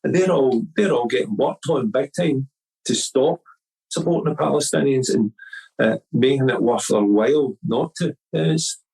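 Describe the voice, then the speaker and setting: A man's voice: medium pitch, moderate pace, gravelly, warm tone, breathy edge, rough recording. Chatty man telling a story. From Scotland. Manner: rambling, with many restarts and quoted dialogue. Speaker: podcast guest. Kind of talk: casual storytelling.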